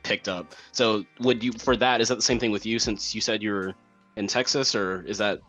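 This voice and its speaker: A man from South Carolina hosting a podcast interview, asking questions in a relaxed way. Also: on the low side, moderate pace, faint music behind. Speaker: podcast host. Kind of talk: casual interview chat.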